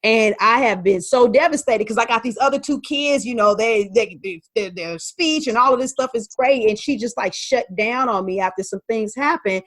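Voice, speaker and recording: A woman, telling an animated story about learning Spanish. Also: on the high side, moderate pace, hardly any pauses, dry recording. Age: 40s. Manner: lively, animated storytelling with quoted voices. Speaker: podcast host and Spanish learner. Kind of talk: testimonial talk.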